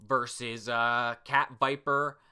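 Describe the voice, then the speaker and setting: A man talks through a comic chapter in a casual, excitable reaction. He swears freely and fills gaps with "uh." His voice is very bright and cutting, at a middle pitch. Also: slow pace, clean tone. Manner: excitable, swears, many fillers. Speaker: comic reviewer.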